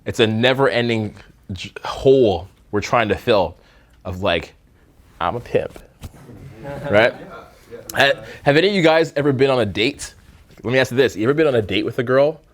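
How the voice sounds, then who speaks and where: A man's voice: medium pitch, animated, a little fast. A man coaching a live seminar room on dating, talking bluntly with swearing and jokes, slipping into mocking voices to make his points. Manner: blunt, profane, joking, slips into mocking put-on voices.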